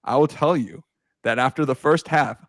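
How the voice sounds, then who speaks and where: A man's voice: normal speed, no room sound, studio quality. A man in his thirties, hosting a podcast in casual chat, telling stories with big swings, laughing and swearing. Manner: animated storytelling, swearing, laughing, shouting at highs. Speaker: podcast host.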